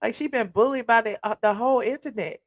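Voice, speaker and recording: A woman hosts a casual live call-in show with a gravelly edge to her voice. She is brassy and teasing and cuts in on callers. The sound is dry and close. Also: a little high, no room sound. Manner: brassy, teasing, quick to cut in. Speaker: host.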